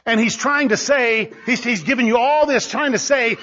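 A man preaching a sermon, driving his points home with repetition and bursts of shouting. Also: extremely high pitch, normal speed, few pauses. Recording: dull lo-fi recording.

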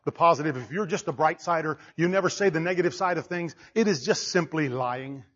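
Man, high voice, preaching, sermon, quiet to shouting, laughs, muffled lo-fi sound. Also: husky. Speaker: pastor.

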